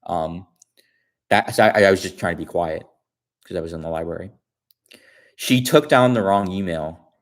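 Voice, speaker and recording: A man tells a story on his stream in a relaxed, chatty way. His voice is low and deep, and he loops back over his own words and restarts sentences as he goes. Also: normal speed, pauses often. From Chicago area. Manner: rambling, repeats himself, many restarts. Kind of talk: casual storytelling.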